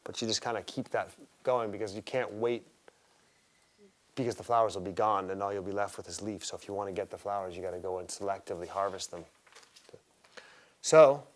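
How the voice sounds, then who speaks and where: A man's voice: lowish voice, steady tone, a little fast, pauses often. A man teaching a live herbalism class, talking casually and with enthusiasm, and quizzing his students.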